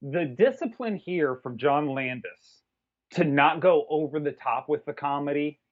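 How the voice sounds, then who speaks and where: A man's voice: fairly high pitch, expressive, measured pace. A man co-hosting a casual film review podcast, blunt and profane, joking between points. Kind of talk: casual chat. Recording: dull audio with faint music.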